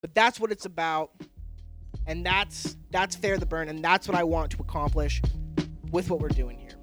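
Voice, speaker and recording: A man's voice: on the high side, normal speed, music in the background. A young man hosting a podcast, ranting in a brash, rambling and profane way. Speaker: podcast host. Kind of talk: profane casual monologue.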